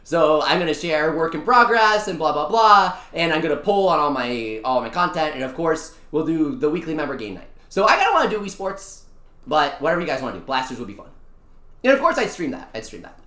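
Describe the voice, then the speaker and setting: Excitable young-adult streamer, bright and bouncy pitch, roomy echoey sound; slangy live-stream chat. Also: fairly quick. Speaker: VTuber streamer. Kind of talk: casual live-stream chat over a mobile gacha game. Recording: echoey room.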